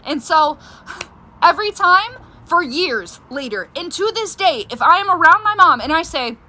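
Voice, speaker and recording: A young woman vlogger telling a personal story in a frank, animated, exaggerated way. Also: extremely high pitch, moderate pace, a little hiss or hum. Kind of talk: casual storytelling.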